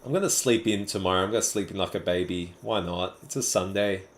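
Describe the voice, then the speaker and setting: Deep-voiced and fast-talking, this Sydney-accented livestream host chats casually with his audience. He's a man in his twenties or thirties, relaxed and chatty, taking viewer messages one after another.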